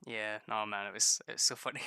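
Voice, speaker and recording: Rambling gravelly young guy. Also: fairly low pitch, fairly even intonation, fast, bright, forceful tone, no echo. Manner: rambling, stammering, laughs often, swears casually. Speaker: gaming streamer. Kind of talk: casual gameplay chat with viewers.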